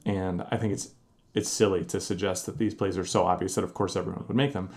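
A man co-hosting a sports podcast, explaining his views in a measured, casual way. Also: sits low, steady tone, darkish tone. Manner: measured, explanatory, thinks aloud with fillers. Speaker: podcast co-host.

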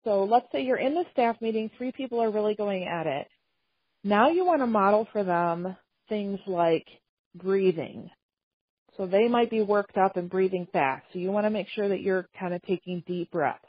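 Calm woman trainer, slightly husky. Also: medium pitch, no echo. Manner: calm, measured, conversational, with acted-out example phrases. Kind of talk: instructional talk on communication. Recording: dull, slightly lo-fi dry recording.

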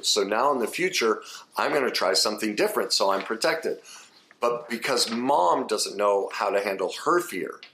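A deep-voiced man, a therapist and author, delivers a blunt, emphatic self-help talk that alternates between quiet stretches and animated bursts.

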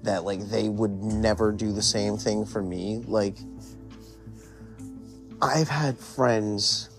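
A man's voice: on the low side, fairly even intonation, takes it slowly, soft background music. A young man casually telling a candid personal story, rambling and full of "like" fillers. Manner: rambling, heavy use of "like"; candid, confessional. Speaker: podcast host.

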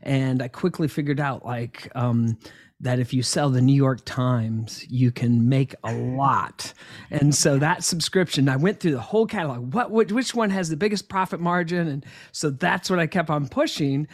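A man being interviewed about his path as an entrepreneur, telling stories in a casual, animated way with lots of ums and restarts. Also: medium pitch, moderate pace.

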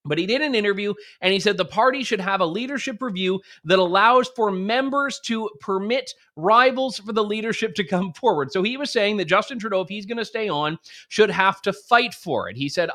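A man's voice: high-pitched, lively intonation, brisk, bright, forceful tone. A Canadian man giving sarcastic, jokey political commentary. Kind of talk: opinion commentary.

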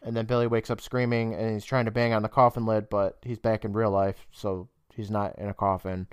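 A man co-hosting a podcast, casually retelling a TV episode with laughter and quick quoted lines. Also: lowish voice, little pitch movement, clean tone, dry recording, clean studio sound. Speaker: podcast co-host. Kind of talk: casual recap chat.

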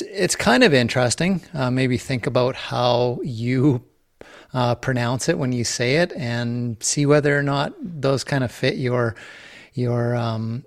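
A man hosting a casual solo podcast, talking in a relaxed way with many fillers and restarts. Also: mid-range voice, dry recording, studio quality. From Canada. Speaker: podcast host.

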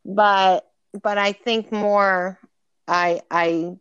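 A woman co-hosting a casual chat podcast, speaking in a measured, careful way as she recounts things. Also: fairly low pitch, dry recording. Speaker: podcast co-host.

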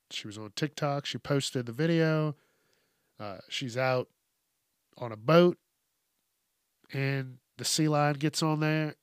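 A man's voice: medium pitch, fairly bright tone, no room sound, clean studio sound. A man hosting a news commentary vlog, ranting and swearing as he mocks people. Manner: profane, ranting, mocking. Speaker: host.

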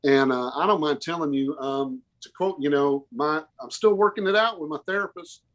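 Guy in his 50s, earnest and emotional, bit higher voice, talks in restarts. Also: moderate pace, a bit bright. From Oklahoma. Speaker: musician guest. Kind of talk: candid interview storytelling.

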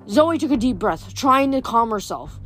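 A woman reading a novel aloud in a steady storytelling voice, with small slips and restarts. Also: fairly high pitch, normal speed, faint music behind. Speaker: reader.

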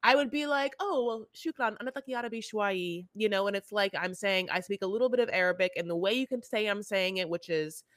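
Animated rambling woman podcaster. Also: medium pitch, fast talker, hardly any pauses, no echo, clean studio sound. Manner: animated, rambling, restarts a lot. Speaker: podcast co-host. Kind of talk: casual recap chat.

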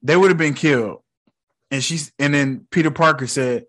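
Animated, profane young man reacting. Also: mid-range voice, a little fast. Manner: animated and profane, with loud exclamations. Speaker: movie reaction vlogger. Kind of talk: casual movie reaction commentary.

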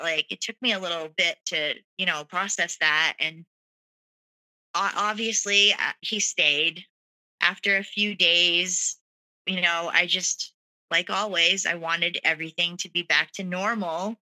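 Woman telling her own story, super bright tone, lots of you know and like. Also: on the low side, fairly even intonation, unhurried, rough recording. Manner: earnest, many fillers like 'you know' and 'like'. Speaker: guest sharing a personal story. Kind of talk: candid personal storytelling.

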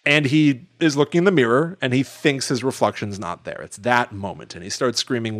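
A man hosting a podcast, retelling movie scenes in a rambling, animated way with lots of fillers. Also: medium pitch, a little fast, few pauses, no room sound, studio quality. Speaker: podcast host. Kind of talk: casual chat.

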